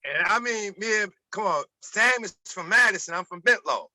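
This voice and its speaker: A middle-aged man from Baltimore with a Baltimore accent, telling an animated story as a guest and acting out the voices in it. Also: high voice, normal speed, dry recording, poor audio. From Baltimore, USA. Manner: animated, repeats words, acts out quoted voices. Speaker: guest, former college basketball player. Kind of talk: casual storytelling.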